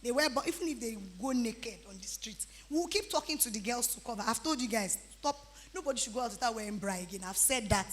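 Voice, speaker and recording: Nigerian woman, 30s, youth retreat speaker; bright high voice, playful scolding delivery. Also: fast. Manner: animated, teasing, breaks into pidgin-flavored asides. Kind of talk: lively exhortation to teenagers.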